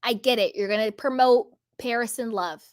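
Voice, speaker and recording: A woman's voice: a little high, normal speed, dry recording, studio quality. A woman hosting a commentary channel, talking in a casual, emphatic way with repetitions and rambling asides.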